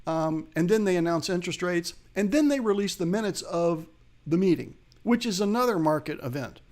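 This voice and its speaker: Running a live investing webcast, this man has a high, slightly mellow voice with lively intonation and a somewhat fast pace. He chats through market commentary, addressing viewers directly and reading their chat.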